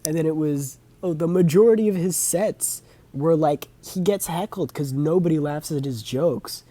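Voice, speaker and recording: A young man reviews films in a loose, rambling monologue full of "um" and "like." He often stops to correct himself mid-sentence, and his voice sounds husky and a little breathy. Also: a little high, normal speed, dark tone, no echo. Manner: rambling, filler-heavy, self-correcting. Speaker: vlogger. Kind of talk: casual movie review monologue.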